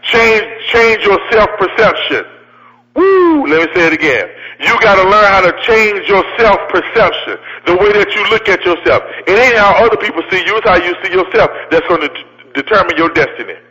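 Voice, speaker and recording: A man's voice: sits high, lively intonation, moderate pace, sharp tone, highs cut off. A man giving a fiery motivational speech with a preacher-like cadence, repeating his lines and calling out to the crowd. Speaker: motivational speaker. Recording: long hall reverb.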